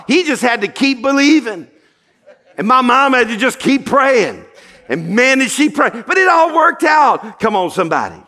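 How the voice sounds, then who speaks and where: A man's voice: very high-pitched, bright, forceful tone. A male pastor preaching a sermon, telling a story earnestly with repeated false starts.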